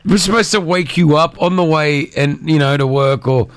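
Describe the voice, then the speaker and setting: A man's voice: a little high, moderate pace, smooth, no room sound. A man hosting a morning radio show, playful and teasing, laughing often with callers. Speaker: radio host. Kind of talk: casual radio chat.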